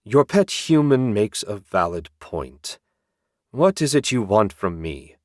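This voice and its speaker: A man's voice: on the low side, big pitch swings, takes it slowly, no room sound, studio quality. A man voicing a cold, proud male necromancer lord in an audiobook, speaking in a haughty tone. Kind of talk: audiobook character voice.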